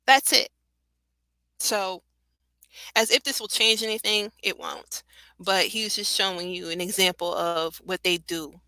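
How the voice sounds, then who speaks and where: A woman speaks on a talk radio show. She is impassioned and conversational, laughing now and then and filling gaps with "you know" and "um." Her voice is bright and forceful, and it sounds dry and close. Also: mid-range voice, no room sound, poor audio. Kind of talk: casual radio commentary.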